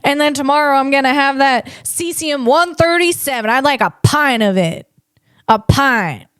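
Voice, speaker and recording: A woman's voice: high-pitched, lively intonation, normal speed, a bit bright, dry recording, clean studio sound. A woman voicing a greedy, radiation-hungry fungus that eagerly orders radiation like drinks. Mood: greedy, gleeful.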